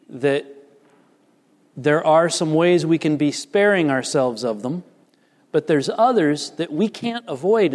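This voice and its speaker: Pastor, male, fairly high voice, earnest emphatic sermon delivery in a reverberant hall. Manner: earnest, emphatic preaching with varied pace. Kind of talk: sermon with scripture reading.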